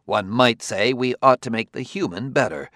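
A man voicing a haunted, defensive male robotics expert who swings between cries of protest and low mutters, read as an audiobook character. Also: lively intonation, moderate pace, fairly bright tone, dry recording, clean studio sound.

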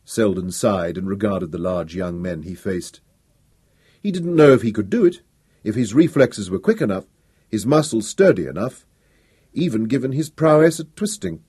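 Expressive male audiobook narrator, husky. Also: lowish voice, moderate pace. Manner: expressive, dramatic storytelling. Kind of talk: scripted narration.

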